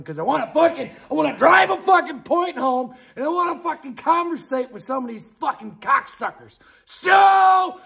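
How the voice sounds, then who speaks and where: A middle-aged man hosting a podcast, ranting angrily and profanely about politics, dropping from low mutters to outbursts while drinking beer. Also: vocal fry. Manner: angry, profane, swings between muttering and shouting. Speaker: podcast host.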